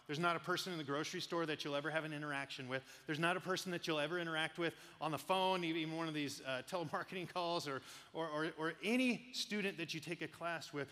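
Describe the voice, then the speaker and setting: A man preaching a sermon, telling animated personal stories and laughing often. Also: fairly high pitch, long reverb tail. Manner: animated storyteller, laughs often, quotes people. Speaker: pastor.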